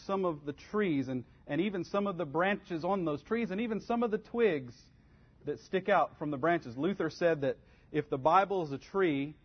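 This is practical church class teaching: a man leads Bible study with step-by-step advice, sounding earnest and conversational. He speaks at a moderate pace in a slightly rough voice on the high side, captured in a dull lo-fi recording.

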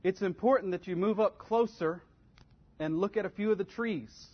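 A man's voice: high voice, normal speed. A man teaching a Bible study class in an earnest, conversational way, giving step-by-step advice. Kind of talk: practical church class teaching. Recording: dull lo-fi recording.

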